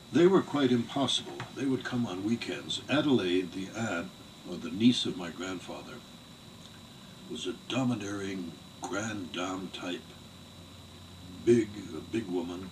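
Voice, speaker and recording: An older man giving an oral history interview, telling family memories in a measured, digressive way. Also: deep voice. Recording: distant mic with faint background noise.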